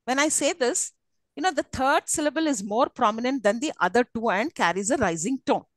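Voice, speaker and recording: A woman lecturer with a fairly high voice, talking a live class through examples and checking in with students. The sound is dry and close, with no room echo. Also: animated, brisk. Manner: explanatory, asks students questions, many fillers. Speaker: university English lecturer.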